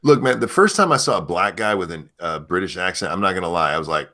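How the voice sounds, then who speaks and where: A man's voice: low voice, lively intonation, fast talker, bright, forceful tone. An American man chatting casually on a stream, teasing and laid-back, often calling people "man". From United States. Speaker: co-host. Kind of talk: casual chat.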